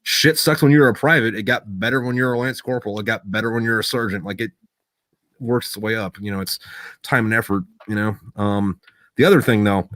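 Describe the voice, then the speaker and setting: A man's voice: on the low side, a little fast, fairly bright tone, dry recording. A man who served as a Marine, telling a long story in a casual, profane way, rambling and full of fillers. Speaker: Marine veteran.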